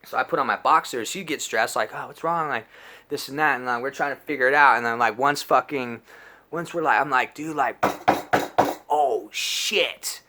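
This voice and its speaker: A man in his twenties telling a crude personal story, slangy and animated, full of dude and bro. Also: medium pitch, a little fast, a little hiss or hum. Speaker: storyteller vlogger. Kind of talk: casual storytime monologue.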